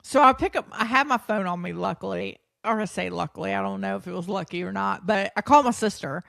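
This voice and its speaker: A woman hosting a podcast, telling a personal story in an animated, self-deprecating way, often laughing mid-sentence and acting out past thoughts. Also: medium pitch, fast talker, gravelly, no echo, studio quality. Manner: acts out her own past thoughts and others' speech; frequent restarts and fillers. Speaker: podcast host.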